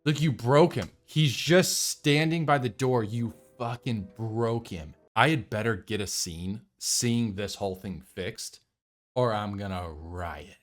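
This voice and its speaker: A man giving casual live commentary on a film he is watching, sarcastic, profane and animated. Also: lowish voice, takes it slowly. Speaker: movie reactor.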